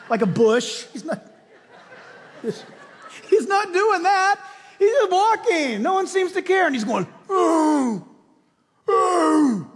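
A male pastor preaching a sermon with animated storytelling, acting out voices along the way. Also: extremely high pitch. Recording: long reverb of a large hall.

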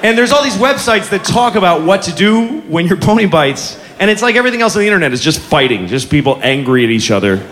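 A middle-aged man performing stand-up comedy, telling an animated story with swearing and acted-out voices, on a club stage with a handheld microphone. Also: sits high, fast, few pauses, long reverb tail, slight background noise. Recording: live club with laughing audience.

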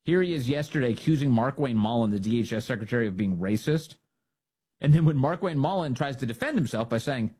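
Man, husky voice, mocking political commentary, sarcastic host. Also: medium pitch, expressive, fast, warm tone. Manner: mocking, laughs at his own jokes. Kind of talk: opinionated commentary on news clips.

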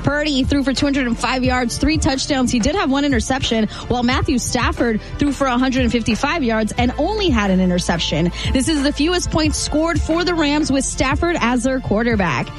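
A woman's voice: high voice, soft background music, rough recording. A woman reading a radio sports news update of scores and stats. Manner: brisk, clear newsreader delivery.

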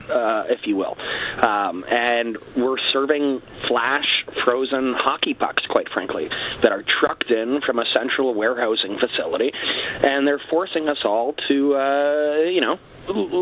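A man's voice: mid-range voice, lo-fi sound, a little hiss or hum. A Canadian man hosting a satirical talk radio show, talking emphatically and repeating his catchphrases.

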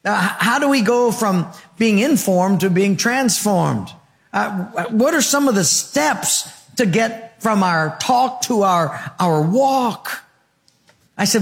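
A man preaching a sermon with a noticeably high voice for a man. He moves between story and exhortation and asks his congregation questions as he goes, and the voice carries an animated, lively delivery. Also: measured pace, gravelly. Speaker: pastor.

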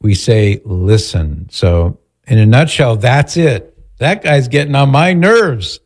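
A man's voice: mid-range voice, expressive, takes it slowly. A male radio host leading a prayer and chatting casually with listeners on a call-in show. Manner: chatty, playful, leads prayer. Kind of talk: live call-in radio talk.

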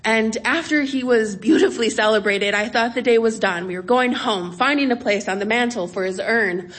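A young woman telling a wry, animated story on stage before an audience, jumping to high pitch for emphasis. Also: normal speed. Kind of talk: live comic storytelling.

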